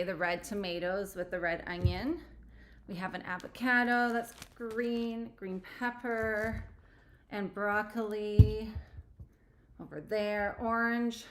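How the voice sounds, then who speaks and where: A woman teacher showing classroom vocabulary games, friendly, slowing down and drawing out words as she models them for children. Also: mid-range voice, a little hiss or hum.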